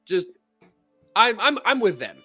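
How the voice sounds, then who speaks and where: A man's voice: high voice, very animated, pushed and bright, husky, soft background music, pitched above the performer's own voice, heavily acted. Man voicing a weary polite household robot. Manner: polite, halting, tired of questions.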